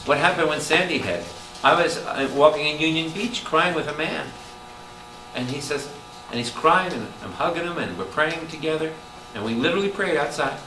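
A man, a priest, preaching a Bible study to a congregation, animated and calling out questions to the room. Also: on the high side, moderate pace. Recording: roomy hall taped from a distance with noise.

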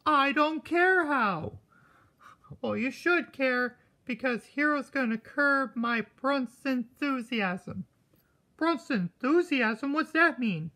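Lady voicing stuffed animals in a goofy made-up skit, high voice, slow drawn-out talk. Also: expressive, pushed and bright. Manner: rambling, switching between characters, chuckling "ho ho". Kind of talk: improvised toy skit.

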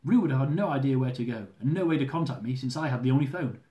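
A man reads aloud from his own funny travel memoir, delivering it quickly and with lively drama, swearing for comic effect. His voice sits in the mid range, and the recording has a roomy echo.

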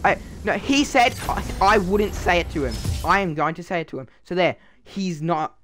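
A man's voice: high-pitched, lively intonation, normal speed, fairly bright tone, soft background music. A male streamer trash-talking players during a live game stream, mocking and sarcastic.

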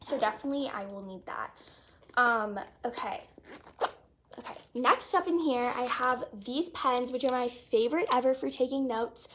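A teenage girl vlogger chats casually through a haul video, gushing about her things and saying "like" constantly. Her voice is slightly high, her pace normal, and there's noise in the background.

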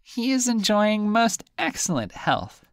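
A man voicing a chatty, polite silverfish in a storybook reading, speaking high and genteel. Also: very animated, measured pace, creaky, a bit bright, no room sound, clean studio sound, exaggerated voice.

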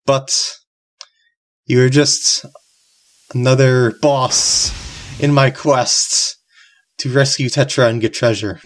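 A video game commentator talking casually through a playthrough, excitable and giggling often, over game music. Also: mid-range voice. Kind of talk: casual let's-play commentary.

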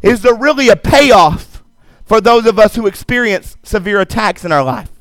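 High-voiced emphatic preacher man. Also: animated, moderate pace, a bit bright, no echo. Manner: emphatic preaching with repetition and call-and-response asides. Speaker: pastor. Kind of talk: sermon. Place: church sanctuary.

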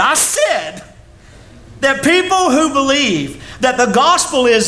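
Male pastor, high-pitched, preaching with sharp pitch swings; echoey room, faint noise. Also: sing-song, slow pace. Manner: preaching with sudden rises and drops in pitch. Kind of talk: sermon.

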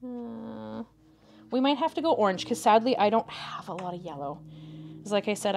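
A woman's voice: on the high side, animated, a little fast, creaky, a little mellow, a little hiss or hum. A young woman from Canada hosting a crafting live stream, chatting casually with viewers and her cat while she works. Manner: chatty, indecisive, talks to chat and her cat. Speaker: craft video host.

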